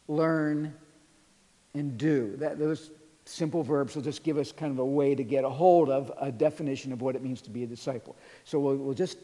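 A pastor preaching a sermon in a church, earnestly retelling scripture and quoting it in a softer voice. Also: male voice, a little high. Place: church sanctuary. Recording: long reverb of a large hall.

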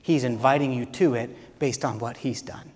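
A man's voice: medium pitch, moderate pace. Impassioned male pastor in a reverberant hall. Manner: earnest, builds from soft to loud and impassioned. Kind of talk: sermon.

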